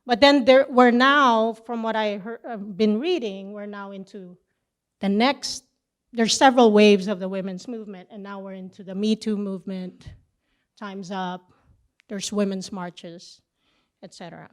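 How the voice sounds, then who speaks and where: A middle-aged woman teaching a church session, telling a personal story with lively back-and-forth dialogue. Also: mid-range voice, a little slow, smooth. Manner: animated storytelling, acting out both sides of a conversation.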